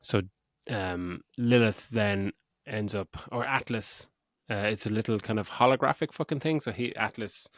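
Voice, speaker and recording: A middle-aged man with a fairly low voice talks through a movie's plot in loose, profane podcast chat. He rambles from scene to scene. The sound is dry and close, with no room around it. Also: normal speed, a bit bright, no echo. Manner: sweary, rambling retelling with mock voices. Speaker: podcast host. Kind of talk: casual film review chat.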